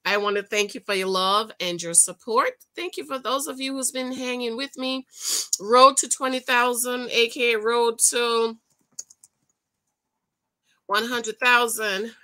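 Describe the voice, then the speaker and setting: A chatty woman vlogger talks casually and directly to her audience, like she is catching up with friends. Her voice is bright and forward. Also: fairly high pitch, fairly even intonation, a little slow. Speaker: vlogger and author. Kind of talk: casual chat.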